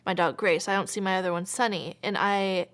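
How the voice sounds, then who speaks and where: A woman's voice: medium pitch, fairly even intonation, fairly quick, a bit bright. Chatty young woman telling a story. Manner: chatty, frequent filler "like", drops to near whisper. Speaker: interviewee. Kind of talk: personal storytelling.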